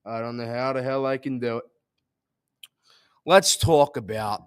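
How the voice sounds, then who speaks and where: A young man hosting a sports show, ranting in frustration, jumping between loud outbursts and low mutters. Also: unhurried, long pauses, clean tone, no echo, studio quality.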